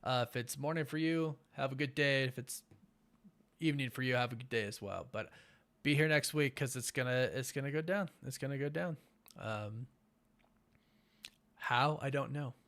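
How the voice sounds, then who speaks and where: Young male host of a late-night live stream; tired, yawning, halting and rambling but upbeat. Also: medium pitch. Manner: rambling, halting with many fillers and restarts; enthusiastic, warmly thanks viewers. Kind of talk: casual live-stream chat.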